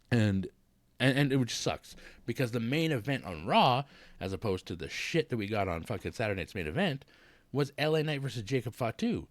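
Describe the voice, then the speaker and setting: A man's voice: medium pitch, very animated, moderate pace, long pauses, dry recording. A man giving a casual, blunt wrestling recap, talking in a rambling, profane rant. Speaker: wrestling vlogger.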